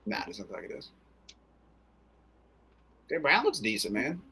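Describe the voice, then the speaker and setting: A man co-commentating in casual sports chat with joking, animated banter. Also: mid-range voice, normal speed, slightly rough.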